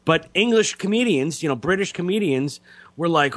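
A man's voice: fairly high pitch, expressive, fairly bright tone, no echo. Male show host, casual storyteller, stumbles over words, dry studio sound. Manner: halting, repeats words, many fillers.

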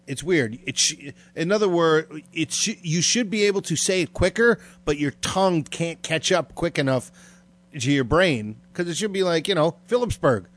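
A man's voice: on the high side, a bit bright. A man co-hosting a casual podcast, rambling with lots of fillers and trailing off. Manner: rambling, filler-heavy, drawn-out. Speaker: podcast co-host.

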